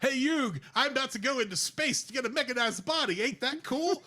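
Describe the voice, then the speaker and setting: A man's voice: extremely high pitch, animated, fairly quick, pushed and bright, voice pushed up, full character voice. A man voicing a brash, cocky teenage boy card duelist from a cartoon. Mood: boastful.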